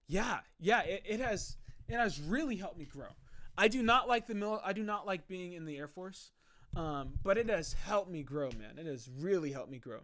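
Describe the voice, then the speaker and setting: A young man streaming live, chatting casually and reading viewer messages, rambling and reflective with many fillers. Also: on the high side.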